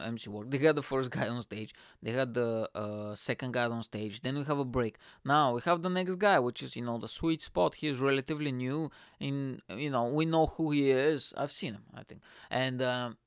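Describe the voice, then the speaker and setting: Gravelly, smooth-voiced man telling stories. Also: mid-range voice, moderate pace, no room sound, studio quality. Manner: rambling, profane, animated quotes. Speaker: stand-up comedian. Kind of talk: casual storytelling.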